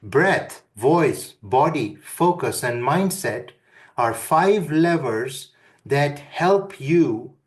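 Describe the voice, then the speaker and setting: A man giving a webinar lesson, calmly guiding listeners through breathing and humming exercises. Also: a little high. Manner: calm, deliberate instruction. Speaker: webinar speaker. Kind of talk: instructional webinar talk.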